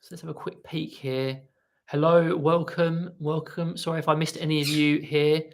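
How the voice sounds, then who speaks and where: A man hosting a casual live stream about parrot training, chatty and rambling as he reads viewer comments and talks softly to his birds at home. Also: fairly high pitch, flat delivery, normal speed, creaky.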